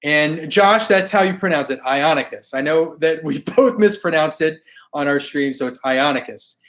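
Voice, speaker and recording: A hoarse man who is losing his voice, hosting a toy collecting live stream in a laid-back, slangy way as he answers viewer comments. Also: a little high, moderate pace, fairly bright tone. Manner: laid-back, chatty, slangy, often laughing.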